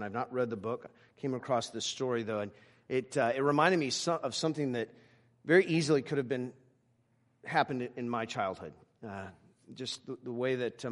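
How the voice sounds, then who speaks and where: A man, a pastor, delivering a sermon with frequent restarts that builds to emphatic, louder preaching. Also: medium pitch.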